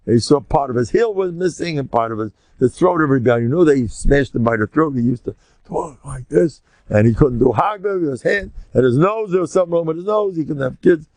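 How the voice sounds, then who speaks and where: A man's voice: a little high, brisk, no room sound. An older man with an American accent, a rabbi lecturing to listeners and acting out the scenes of his stories. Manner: animated storyteller who acts out scenes. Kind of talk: Torah lecture with storytelling.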